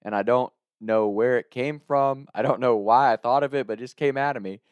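A man's voice: medium pitch, brisk, clean tone, dry recording, dull audio. A man from Northern Kentucky telling a story in a loose, casual way, laughing often and swearing freely.

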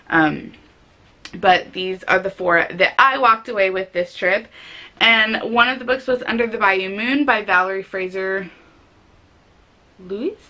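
A woman chatting casually and excitably about books she picked up, with frequent fillers. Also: medium pitch, creaky. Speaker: book vlogger. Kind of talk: casual book haul chat.

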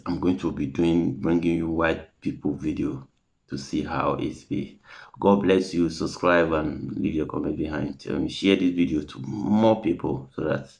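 A man's voice: extremely low pitch, gravelly, darkish tone. A Nigerian man talking to his viewers in an earnest, repetitive way, commenting on a clip. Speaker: vlogger reacting to a clip.

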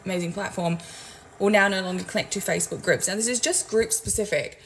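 A woman's voice: mid-range voice, steady tone, fast, a little hiss or hum, poor audio. Frank, swearing woman ranting to camera. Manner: frank, profane, exasperated, chatty. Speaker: business coach and community owner. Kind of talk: casual vlog rant to camera. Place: home kitchen, making coffee.

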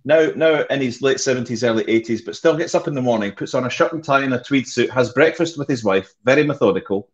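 A man with a Scottish accent chatting casually on a web show panel, joking at his own expense and laughing often over a video call mic. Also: medium pitch. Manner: jokey, self-mocking, laughs often. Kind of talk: casual chat. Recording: dull lo-fi video call audio.

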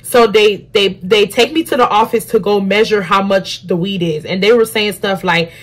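A young woman telling a profane, animated storytime in casual vlog style, acting out the people in it. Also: mid-range voice, moderate pace. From African family. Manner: animated, profane, acts out quotes loudly. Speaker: beauty vlogger.

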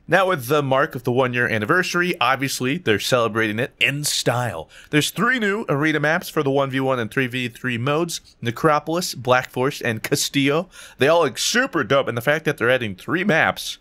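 A young American gaming YouTuber gives excitable commentary while opening loot boxes, gasping and squealing at the drops and singing and humming tunes. He talks fairly quickly in a mid-range voice and stays animated throughout.

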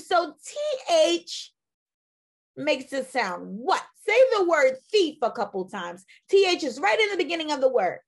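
A woman teacher leading a phonics lesson for young children, drilling sounds in a slow, sing-song way while losing her voice. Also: sits high, big pitch swings. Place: classroom video lesson.

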